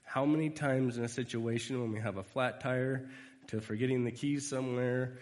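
A man giving a conversational storytelling sermon, animated and retelling scenes. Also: medium pitch, normal speed. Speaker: preacher. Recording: reverberant hall.

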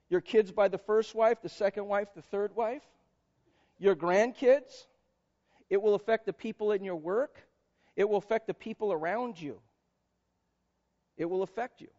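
High-voiced joking pastor in church. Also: male voice, a little mellow, dull audio. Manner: playful, joking asides, acts out quoted voices. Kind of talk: sermon. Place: church sanctuary.

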